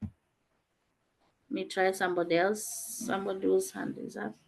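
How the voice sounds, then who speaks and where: A woman's voice: medium pitch, steady tone, normal speed, vocal fry. A woman teacher explaining answers and calling on students in an online revision class over a video call.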